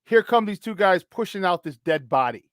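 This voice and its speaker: A man with a high voice tells a story on a morning sports show, acting out each person he meets. He restarts sentences often and swears without a second thought. The sound is dry and close, with no room around him. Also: moderate pace, no room sound. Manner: animated, acts out the people in his story; swears casually, many restarts. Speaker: sports talk show co-host.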